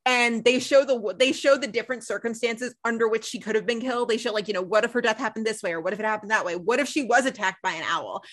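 Young woman, podcast co-host, animated storytelling, bright tone. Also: on the high side, fast talker, hardly any pauses. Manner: animated storytelling, acts out quotes. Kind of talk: casual recap chat.

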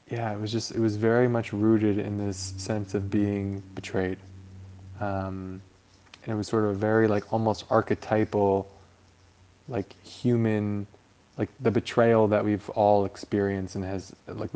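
A young man talking through a reflective personal monologue, halting and soft-spoken, with many fillers and restarts. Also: lowish voice.

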